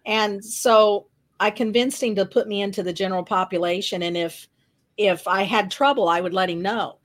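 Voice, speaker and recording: A woman's voice: mid-range voice, steady tone, moderate pace. A middle-aged woman, an author, telling her story earnestly and reflectively as a guest in a podcast interview.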